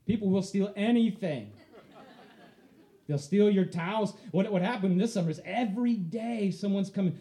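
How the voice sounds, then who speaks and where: Male storyteller with a high, mellow voice, lively with a live audience. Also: moderate pace. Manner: animated, laughing through the story.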